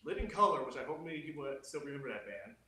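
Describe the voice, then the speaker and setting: A man's voice: fairly high pitch, big pitch swings, rapid-fire, crowd noise. A man in a casual chat, talking hesitantly with many "um"s. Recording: echoey room.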